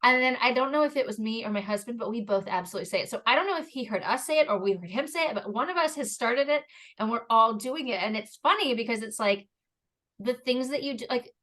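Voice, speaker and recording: Animated mother chatting on a podcast. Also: on the high side, quick pace. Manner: animated, rambling with tangents and acted-out quotes. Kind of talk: casual conversational interview.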